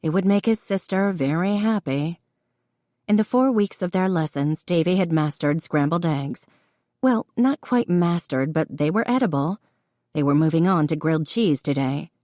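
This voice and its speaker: Female audiobook narrator, low and dry, measured, steady delivery. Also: dry recording. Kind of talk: scripted narration.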